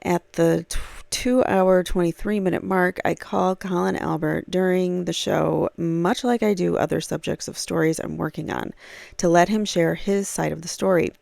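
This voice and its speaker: A woman's voice: on the low side, steady tone, normal speed, vocal fry, darkish tone, no room sound. A woman commenting on a true crime case, reading aloud from a blog with frequent fillers and casual asides.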